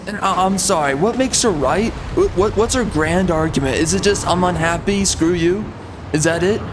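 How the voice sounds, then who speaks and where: A man's voice: sits high, lively intonation, moderate pace, background noise. A man giving let's-play commentary as a gaming YouTuber, exasperated and ranting.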